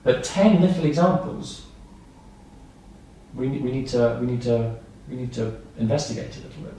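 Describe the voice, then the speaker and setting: A man's voice: mid-range voice, moderate pace, dark tone, recorded from a distance, slight background noise. Man lecturing in an echoey room. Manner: simple, repetitive explanations with examples. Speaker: staff trainer. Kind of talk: training lecture. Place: training room.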